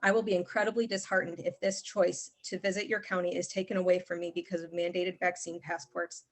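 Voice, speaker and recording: A woman's voice: fairly low pitch, level tone, fairly quick. A woman calling in to a public meeting, earnestly reading a prepared statement. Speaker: caller. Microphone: call-in line.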